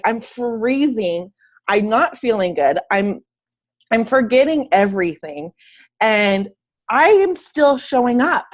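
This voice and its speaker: A sick, slightly wheezy woman giving an upbeat, emphatic motivational talk as a fitness coach on a team call from home, speaking in casual slang. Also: on the high side. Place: at home, in bed.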